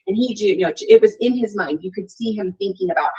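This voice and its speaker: A woman's voice: mid-range voice, quick pace, few pauses, darkish tone, breathy edge, poor audio. A woman being interviewed on a podcast, telling a story in a chatty way with lots of "like" and "you know". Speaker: podcast guest. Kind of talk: casual interview chat.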